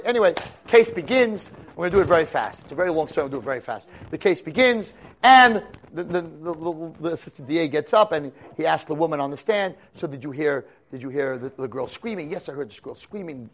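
Rabbi storyteller, male, fairly high voice, swings from hushed to booming, lively chatty lecture. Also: brisk, few pauses. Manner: animated storyteller, swings from hushed asides to loud dramatic peaks. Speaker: rabbi teaching a class.

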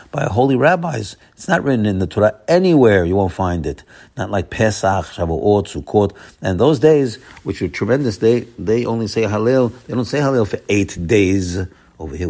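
A man teaching a Torah class as a rabbi, emphatic, swinging between loud exclamations and low murmurs and repeating words for stress. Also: vocal fry, breathy edge.

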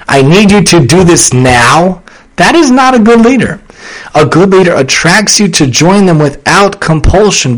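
A young man hosting a solo podcast, talking earnestly and preachily, with sudden excited bursts. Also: a little high, poor audio. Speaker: podcast host. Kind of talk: casual solo podcast talk.

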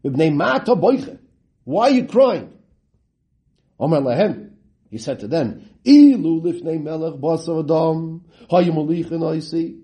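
A man teaches a Talmud lesson in a mellow, somewhat high voice. He reads the Aramaic text and translates it as he goes. He keeps asking his listeners rhetorical questions, with big dramatic swings in pitch. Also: lively intonation, a little slow.

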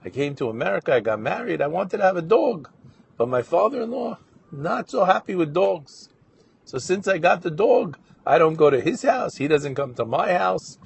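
An earnest young Israeli husband, as a man telling the story puts him on, speaking a little higher than the narrator. His gravelly, husky voice stays the same, and he talks with open, grateful sincerity. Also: sing-song, moderate pace, exaggerated voice.

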